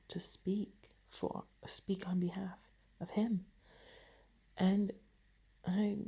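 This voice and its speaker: Woman rambling through a personal story, slow and hesitant, lots of ums and restarts, low gravelly voice. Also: warm tone. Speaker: vlogger.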